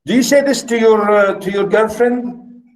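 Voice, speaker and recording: A man lecturing on poetry in a classroom, reading verse aloud expressively with animated asides. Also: high-pitched, moderate pace. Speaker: literature lecturer. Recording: echoey classroom, mic far off.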